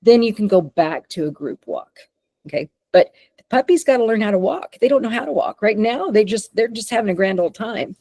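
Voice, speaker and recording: A woman dog trainer teaching a webinar in an animated way. She often checks in with "okay?" and "right?". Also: medium pitch, a little fast, dry recording. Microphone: remote call microphone.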